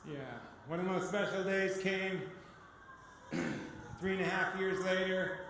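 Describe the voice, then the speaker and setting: Man, guest speaker, personal testimony, high bright voice, animated storytelling, big echoey hall. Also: slight background noise. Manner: animated storyteller acting out dialogue. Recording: echoey hall with long reverb.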